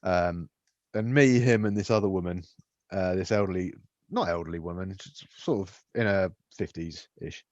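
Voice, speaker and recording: A young man co-hosting a podcast, telling stories with lots of swearing and animated voices. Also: low-pitched, moderate pace, no room sound, dull audio. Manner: swears a lot, animated storytelling. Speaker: podcast co-host. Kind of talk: casual chat.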